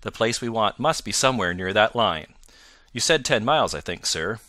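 A man reading the part of a jovial, confident male police inspector in an audiobook, loud and hearty. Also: on the low side, expressive, normal speed, dry recording, studio quality. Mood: businesslike.

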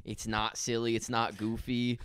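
A young podcast co-host swears heavily while telling exasperated stories about a bad movie in a casual review chat. His medium-pitched voice is monotone, a bit bright and clean, at a moderate pace.

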